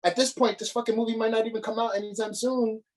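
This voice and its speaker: Man, podcast co-host, casual exasperated rant, swears a lot, halting restarts. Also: sits high, little pitch movement, poor audio. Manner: profane, exasperated ranting. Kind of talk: casual chat.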